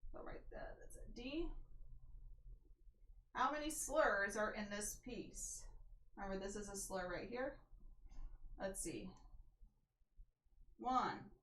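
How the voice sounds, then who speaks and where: Slow-talking woman teaching music theory, echoey room. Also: medium pitch, animated, fairly bright tone. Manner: chatty, talks to herself while working through answers. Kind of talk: casual walkthrough of a theory workbook. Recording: echoey room with faint noise.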